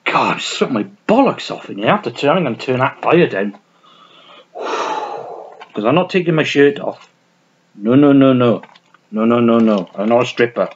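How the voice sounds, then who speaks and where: A man chatting casually to camera about his film collection, rambling and swearing with many restarts and self-mocking asides, in a small warm room at home. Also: medium pitch, animated, normal speed, long pauses, lo-fi sound, slight background noise. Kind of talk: casual unscripted chat to camera.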